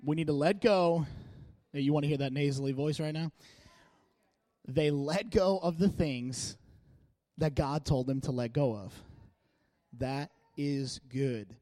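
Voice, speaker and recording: Slightly high-voiced man giving a chatty sermon. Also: normal speed, long pauses, no echo. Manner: chatty, joking, animated delivery. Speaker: church speaker. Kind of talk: casual sermon. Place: church meeting room.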